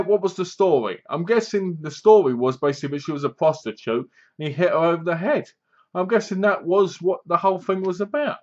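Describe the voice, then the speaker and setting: In a slightly high voice with the highs cut off, a man reviews a horror film in a loose, casual ramble. He keeps restarting sentences as he talks through it.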